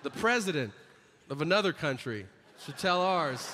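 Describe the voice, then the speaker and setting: A man's voice: a little high, very animated, normal speed. Guy doing standup, wry chatty storytelling, long hall echo, faint hiss. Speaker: stand-up comedian. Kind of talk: stand-up set. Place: comedy stage.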